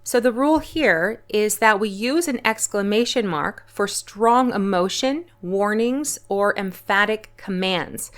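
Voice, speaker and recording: A woman's voice: mid-range voice, unhurried, few pauses. A woman hosting her own channel, giving a patient English punctuation lesson. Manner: clear, patient explaining. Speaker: English teacher. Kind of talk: online grammar lesson.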